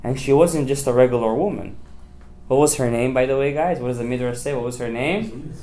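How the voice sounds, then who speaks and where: A man's voice: mid-range voice, brisk, mellow, a little hiss or hum. A man, a rabbi, giving a passionate sermon with dramatic, emphatic storytelling. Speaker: rabbi teaching a Torah class.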